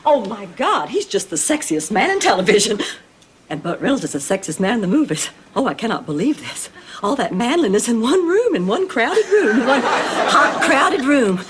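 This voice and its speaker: A woman's voice: on the high side, big pitch swings, moderate pace, slight background noise. Flirty man-crazy woman. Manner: breathy, flirty, dramatic. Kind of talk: sitcom acting.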